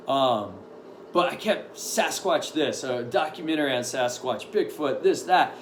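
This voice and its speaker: A gym coach with a mid-range voice gives a casual, upbeat update and workout briefing, animated but unhurried and rambling with lots of ums. The room is echoey, with faint noise.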